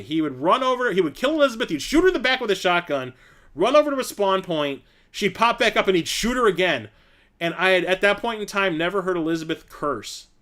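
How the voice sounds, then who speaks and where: A young adult man hosting a casual live-stream chat, rambling through stories and laughing often. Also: fairly high pitch. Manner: rambling storyteller, laughs often, acts out quotes loudly.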